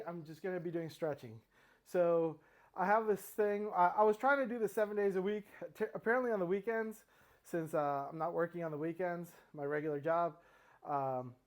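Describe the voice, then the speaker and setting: A middle-aged man talking casually through his stretching routine, a little out of breath, rambling with fillers and restarts. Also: on the high side. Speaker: fitness vlogger. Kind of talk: casual talk while exercising.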